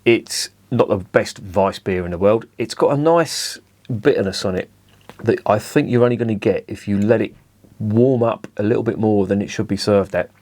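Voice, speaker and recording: A man's voice: fairly low pitch, moderate pace, darkish tone. A middle-aged man with a blunt, sweary manner, ranting in a casual beer review and peppering it with "you know".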